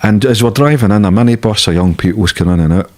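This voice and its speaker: A man's voice: fairly low pitch, very fast, darkish tone. A Scottish man, a guest in an interview, telling stories in a blunt, casual way with plenty of swearing. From Scotland. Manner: blunt, swearing freely, laughing at his own stories.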